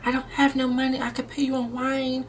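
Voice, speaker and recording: A woman voicing a sheepish man who pleads in a hushed, low voice. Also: monotone, a little fast, far from the mic, a little hiss or hum, natural voice. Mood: hushed pleading.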